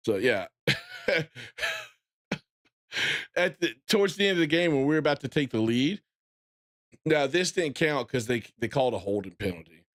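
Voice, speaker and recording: A man in his thirties chatting casually on a live stream, animated and breaking into loud excited bursts as he retells things. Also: mid-range voice, normal speed, long pauses. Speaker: gaming streamer.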